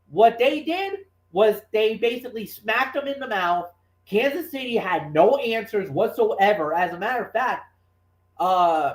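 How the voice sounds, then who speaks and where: A man co-hosting a sports talk show, giving his opinions in an emphatic, animated way with frequent restarts. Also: sits high. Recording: roomy echoey room.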